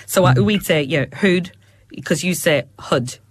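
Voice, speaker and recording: A woman's voice: low-pitched, fairly quick. A middle-aged woman with a Fermanagh accent, chatting as a radio guest in a studio, telling family stories and laughing often. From Fermanagh, Northern Ireland. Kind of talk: casual chat.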